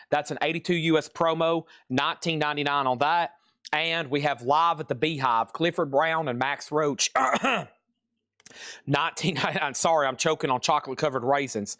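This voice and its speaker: A man hosts a live record sale, reeling off titles and prices in quick, upbeat patter. His voice sits a little high for a man. It is recorded close and dry, with no room echo. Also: a bit bright. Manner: rapid-fire listing of items and prices, upbeat.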